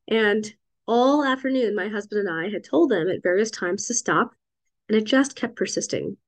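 A middle-aged woman, a psychiatrist and parent, telling a personal story in a reflective, conversational way and often turning to listeners with "right?". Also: medium pitch. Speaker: psychiatrist and parent sharing advice.

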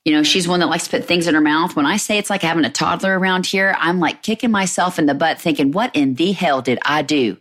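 A woman vlogging to her viewers as a stay-at-home mom, chatting casually and telling stories with animated jumps in her voice. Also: fast, few pauses. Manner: animated storytelling with pitch jumps and quoted voices.

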